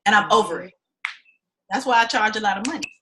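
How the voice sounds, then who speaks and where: A woman's voice: mid-range voice, quick pace, noisy background. A woman teaching an acting class, telling blunt, profane stories and acting out the people she quotes. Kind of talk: class talk to students.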